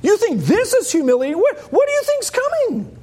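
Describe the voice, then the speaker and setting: A man preaching a sermon voices Jesus as a patient, earnest adult man who explains things slowly. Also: sits high, sing-song, darkish tone, exaggerated voice. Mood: urgent.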